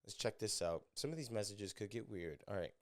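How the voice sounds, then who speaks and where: A comedian hosting his own podcast rambles crudely and pokes fun at himself between voicemails, speaking briskly and expressively in a fairly low voice. The monologue is casual, recorded on a studio podcast mic with clean sound and no room tone.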